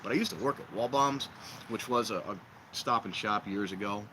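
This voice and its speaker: Man, casual livestream talk, mid pitch, rambling jokes, noisy outdoor audio. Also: a little fast, sharp tone. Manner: rambling, joking, talks to viewers. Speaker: livestream host. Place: outdoors by a fire pit.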